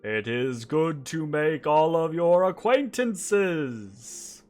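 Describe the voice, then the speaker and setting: A man voicing an ancient talking tree with a slow, grand, booming voice. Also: animated, darkish tone, soft background music.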